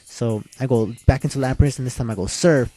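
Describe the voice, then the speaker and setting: A man's voice: mid-range voice, a little fast, warm tone. A young man casually recapping a video game battle move by move in a laid-back, slangy way. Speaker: video game let's player. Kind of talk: casual gameplay recap commentary.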